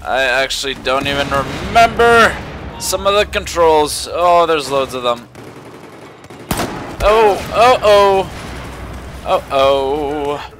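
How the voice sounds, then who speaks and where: A man's voice: on the high side, animated, slow, long pauses, background noise. A man giving casual gameplay commentary in a put-on genteel accent, full of startled exclamations. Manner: jumpy, frequent startled exclamations; putting on a mock-genteel accent. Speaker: gaming commentator.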